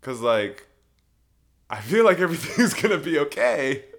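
A man's voice: on the high side, big pitch swings, moderate pace, gravelly, fairly bright tone. Giggly rambling young man hosting solo. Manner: giggly, rambling, self-interrupting. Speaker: podcast host. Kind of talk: casual solo monologue.

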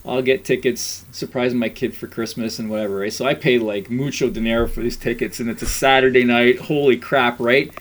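A middle-aged man telling stories in a casual chat, animated, laughing often and acting out what people said. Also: medium pitch, a little fast, hardly any pauses.

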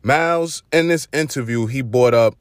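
A young man with a Brooklyn accent hosts his own vlog in a relaxed, slangy monologue. He talks loosely, restarting sentences and filling gaps with ums. His voice sits at an ordinary pitch and sounds dry and close. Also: moderate pace, no echo. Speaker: host.

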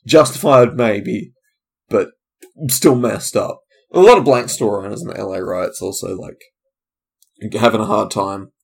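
A man's voice: lowish voice, unhurried, creaky, breathy edge. A man, a comedian, hosting a solo podcast in a loose, rambling, digressive way, with frequent trailing-off asides. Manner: casual, loose and digressive, trailing off, many fillers.

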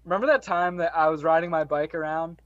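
A young man chatting casually on a podcast, reflective and a little rambling, with a slightly higher voice than most men. The sound is dry and a touch dull, as if from a modest home mic. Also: steady tone, quick pace, a bit bright, no room sound. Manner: rambling, reflective, laughs often. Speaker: podcast co-host. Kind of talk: casual chat.

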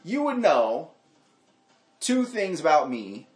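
A man hosting a podcast in casual banter, animated and quick to laugh, trailing off and restarting sentences. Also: on the high side, faint music behind. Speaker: podcast host. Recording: roomy echo.

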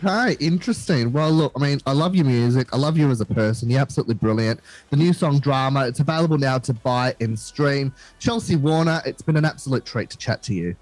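A man's voice: mid-range voice, quick pace, few pauses, darkish tone, dry recording, rough recording. A man hosting a radio interview, effusive and gushing with praise for his guests. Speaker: radio host.

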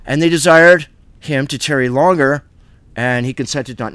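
Male bible teacher, slightly high voice, close dry mic, reads scripture then breaks into chatty asides. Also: normal speed, fairly bright tone, no echo. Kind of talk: casual verse-by-verse bible study.

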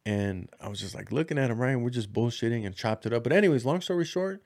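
A man with a mellow, warm tone and a middling pitch talks loosely on a podcast. He tells stories in a relaxed, slangy way, swearing freely and restarting his sentences often. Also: fast talker. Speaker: podcast co-host. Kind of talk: casual chat, storytelling.

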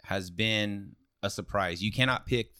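Laid-back man with a bright, low voice. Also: a little slow, no room sound, studio quality. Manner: relaxed, rambling, laughs often. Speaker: podcast co-host. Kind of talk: casual chat.

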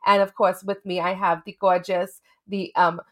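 A woman's voice: on the low side, little pitch movement, normal speed, a bit bright. A woman co-hosting a casual podcast, playful and rambling, swearing for emphasis. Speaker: podcast co-host.

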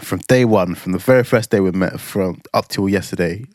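A man's voice: low voice, a little fast, darkish tone, no echo. A man, co-hosting a casual podcast with joking, dry, teasing humour. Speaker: podcast co-host. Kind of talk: casual chat.

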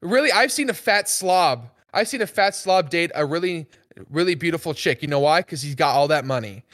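A young man with a somewhat high voice co-hosts a casual podcast. He rambles and teases, with crude jokes throughout. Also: lively intonation, brisk, a bit bright. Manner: rambling, teasing, crude banter. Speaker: podcast co-host. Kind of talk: casual chat.

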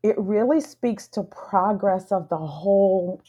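A woman co-hosting a casual conversation, gentle and thoughtful, pausing with frequent ums. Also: mid-range voice. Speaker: podcast co-host.

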